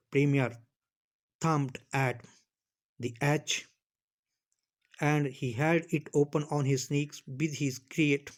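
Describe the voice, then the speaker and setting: Higher-voiced teacher explaining. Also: male voice. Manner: rephrases lines, restarts, and mixes in Hindi explanations. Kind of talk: reading and explaining a story.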